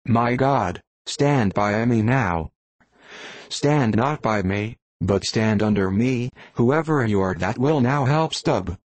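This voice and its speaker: A man's voice: mid-range voice, lively intonation, slow pace, no echo. A man voicing a wry, defiant second mate in an audiobook, declaiming in the face of doom. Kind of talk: audiobook reading.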